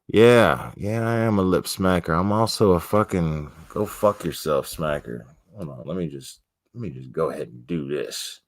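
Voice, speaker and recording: A man's voice: sits low, expressive, moderate pace, dry recording, clean studio sound. A man hosting a livestream, chatting casually with viewers in a profane, slangy, laid-back way. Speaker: livestream host.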